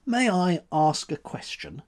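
A gaunt young drifter speaks with dry, self-mocking humor, as a male narrator plays him. His voice moves a lot in pitch but stays unhurried. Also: huge pitch swings, a little mellow, full character voice. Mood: guarded.

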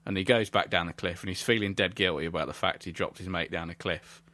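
A man's voice: deep voice, fairly even intonation, quick pace, pushed and bright, dry recording. A man hosting a podcast, rambling through stories with lots of giggles. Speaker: podcast host. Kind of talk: casual chat.

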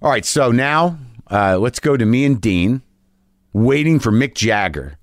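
Excitable rambling man telling a story. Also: medium pitch, a little slow, no echo, clean studio sound. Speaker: podcast host. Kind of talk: casual storytelling monologue. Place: home garage studio.

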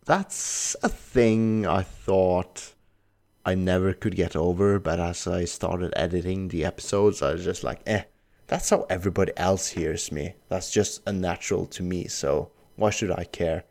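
A Norwegian man, a native Norwegian speaker, hosting and editing a casual podcast chat in English, explaining things slowly with many fillers. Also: sits low, fairly even intonation, creaky, a little mellow. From Norway. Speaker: podcast host and editor.

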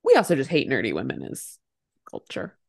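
A woman co-hosting a casual movie podcast chat, animated, laughing often and swearing freely. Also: a bass voice, a little fast, gravelly, breathy edge. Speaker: podcast co-host.

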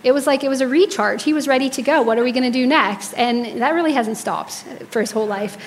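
A woman's voice: sits high, fast talker, slight background noise. A woman in her thirties preaching a sermon to a congregation, telling personal stories and acting out the quotes with animation. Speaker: speaker at church service.

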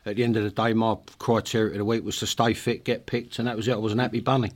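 A man's voice: on the low side, little pitch movement, racing. An older man, a guest telling rambling, blunt stories full of swearing and wisecracks. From East London. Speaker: podcast guest, former football player and manager. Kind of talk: casual chat, storytelling.

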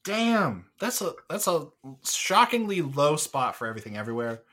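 Man, young adult, podcast co-host, casual chat, rambling, enthusiastic, fillers, bright voice. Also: fairly high pitch, very animated, normal speed.

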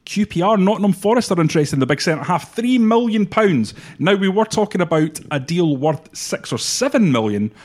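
A man hosting a casual football podcast, moving briskly from one item to the next. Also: high voice, lively intonation, a little mellow. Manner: brisk, moves the segments along. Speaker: podcast host.

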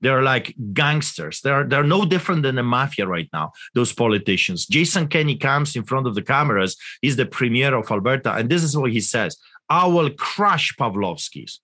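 A man's voice: mid-range voice, expressive, fairly quick, few pauses, sharp tone. Fervent, indignant male pastor. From Canada. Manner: fervent, indignant, rhetorical questions. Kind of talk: impassioned interview account.

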